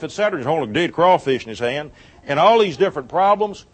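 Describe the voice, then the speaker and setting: A man with a notably high voice tells a church story as part of a sermon. He is a folksy, animated storyteller who chuckles often. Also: quick pace. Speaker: church speaker on giving.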